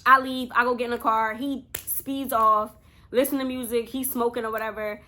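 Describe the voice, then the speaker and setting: A woman's voice: fairly high pitch, fairly even intonation, normal speed, pushed and bright. A young woman telling a casual storytime to her viewers, chatty and talking straight to them. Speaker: vlogger.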